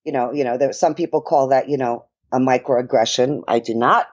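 A woman with a New York accent co-hosting a casual podcast chat, talking with lots of fillers and lively quoted asides. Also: a bass voice, brisk, muffled recording. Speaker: podcast co-host and dance professional.

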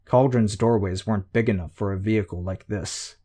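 A man reading a novel aloud in an even, measured first-person narration. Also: lowish voice. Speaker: audiobook narrator.

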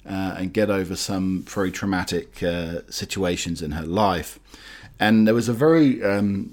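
A man hosting radio, chatting and reading news items in a rambling, hesitant way with many fillers. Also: lowish voice. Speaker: radio host.

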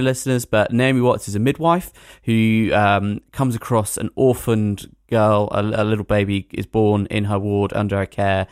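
Lower-voiced man reviewing films. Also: smooth, dry recording, clean studio sound. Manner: rambling, animated storytelling with hedging fillers. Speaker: podcast film reviewer. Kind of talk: casual podcast chat.

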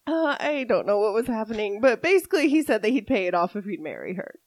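A woman co-hosting a casual true-crime podcast, telling the story in an animated way and often laughing. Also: on the high side, quick pace, dry recording. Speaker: podcast co-host.

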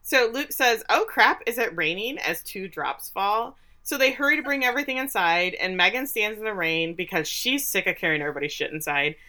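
A woman's voice: medium pitch, lively intonation, a little fast, hardly any pauses, bright, forceful tone. A woman co-hosting a podcast, casually recapping a TV episode with sarcastic, incredulous asides. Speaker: podcast co-host.

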